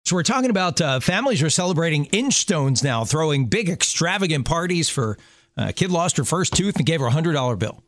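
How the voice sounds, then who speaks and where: A man's voice: a little high, big pitch swings, a little fast, a bit bright, no room sound, studio quality. A middle-aged man co-hosting a show, telling family stories in a chatty way and often restarting his sentences. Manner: chatty storyteller, self-correcting with restarts. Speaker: radio show co-host. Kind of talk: casual chat.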